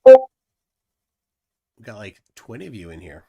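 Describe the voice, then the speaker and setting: A man's voice: unhurried, narrow, tinny audio. A man hosting a live stream in casual chat, rambling with many restarts and fillers. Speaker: livestream host.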